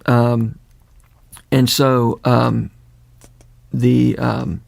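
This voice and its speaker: An older man with a Southern accent hosting a podcast, talking in a halting way and repeating words. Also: medium pitch, little pitch movement, vocal fry, darkish tone, no echo. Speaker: podcast host. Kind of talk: casual conversation.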